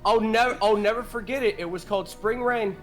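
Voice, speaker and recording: A man in his thirties telling a story in casual chat, animated and swearing, laughing often. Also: high-pitched, fairly quick, faint music behind. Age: 30s. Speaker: game master and streamer. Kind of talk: casual chat between players.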